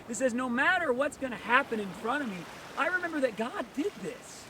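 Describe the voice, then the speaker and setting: Brief: high-pitched male pastor, lively beach sermon, distant mic, loud surf behind. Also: fairly quick, background noise. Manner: energetic, asks many rhetorical questions. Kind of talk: outdoor sermon. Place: outdoors on a beach.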